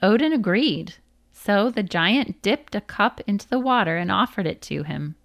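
A woman's voice: mid-range voice, lively intonation, normal speed, vocal fry, dry recording, studio quality. A woman reading a children's book aloud, careful with her words and stopping to spell out hard names. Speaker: storyteller.

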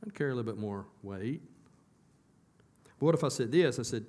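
Conversational pastor preaching a sermon. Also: male voice, medium pitch, expressive, fairly quick, pauses often, a little mellow. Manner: conversational preaching, questions to the congregation. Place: church.

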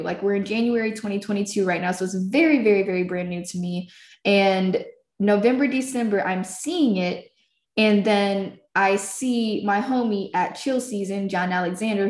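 A woman's voice: medium pitch, darkish tone. A woman telling a story in loose, profane casual talk, laughing along the way. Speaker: filmmaker and podcast creator. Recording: roomy echo.

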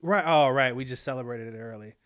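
A man's voice: medium pitch, fairly quick, a bit bright, clean tone. A young man co-hosting a podcast in casual joking chat, teasing his friend and laughing often. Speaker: podcast co-host.

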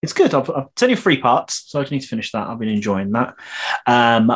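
A man's voice: mid-range voice, very animated, brisk. Tired, chatty man. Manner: chatty, laughs easily, tired. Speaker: podcast co-host. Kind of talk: casual chat.

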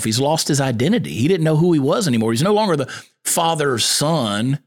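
A male podcast host delivers a folksy monologue that feels like a sermon, his slightly rough voice rising and falling widely with earnest conviction. He's plainspoken and preacherly as he drives his points home.

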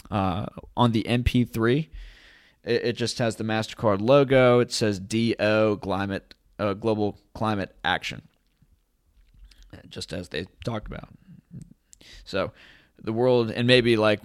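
A man's voice: fairly low pitch, no room sound, clean studio sound. A man hosting casual commentary in a sarcastic, rambling way. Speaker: host.

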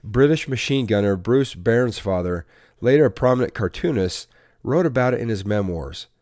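A man hosting a Christian devotional podcast, telling a story in earnest, measured scripted narration with preacher-like emphasis. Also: medium pitch, expressive, a little mellow, dry recording, studio quality. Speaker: podcast host giving a devotional.

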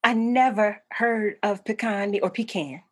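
A woman with a slightly husky, breathy edge, gushing to an old friend and laughing often. Her voice sits mid-range and sounds close and dry. She leans into her affection with warm emphasis. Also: mid-range voice, measured pace, no echo. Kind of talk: casual chat between old friends.

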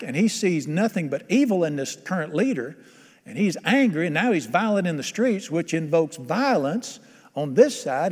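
Higher-voiced pastor preaching in a hall. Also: male voice, darkish tone. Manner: conversational, quizzes the congregation. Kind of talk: sermon.

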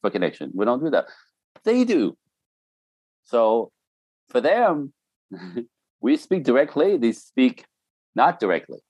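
A man's voice: medium pitch, big pitch swings, takes it slowly, pauses often, a little mellow, husky, no echo. A middle-aged man talking casually and telling stories, laughing often and mimicking other voices. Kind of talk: casual podcast chat.

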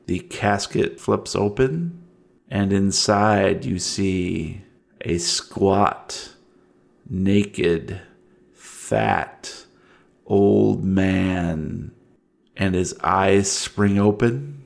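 A man narrating a tabletop horror game as game master, in slow, measured narration. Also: low voice, vocal fry.

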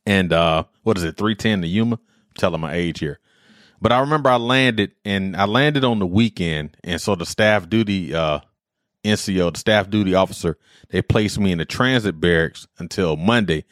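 A man's voice: sits low, moderate pace, dry recording, studio quality. A man in his forties, a podcast host, telling personal stories in a rambling, heartfelt way with military slang. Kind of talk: casual monologue.

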